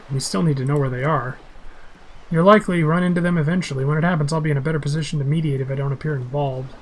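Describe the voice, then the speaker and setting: A man reads a role-playing game's dialogue aloud in his own plain voice. He goes fast, pitched a little high, and restarts a word now and then. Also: steady tone, slight background noise, rough recording. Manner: plain, quick reading with small slips. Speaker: game describer. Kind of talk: reading game dialogue aloud.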